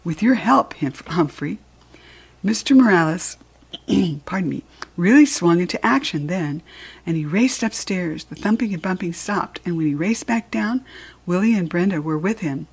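Expressive female storyteller for a children's book, gravelly husky tone. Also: fairly low pitch, moderate pace. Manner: expressive, playful narration. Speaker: reader. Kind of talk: reading a children's book aloud.

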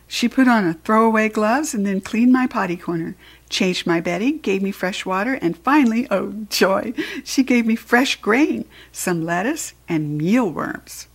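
Woman narrator, children's audiobook; expressive, playful, mid-pitched. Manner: expressive, playful first-person storytelling.

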